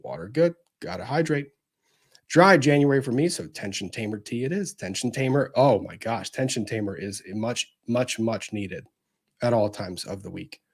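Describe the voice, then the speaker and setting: A man's voice: medium pitch, moderate pace, breathy edge. A man hosting a casual livestream, chatting upbeat and reading out viewer comments. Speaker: livestream host.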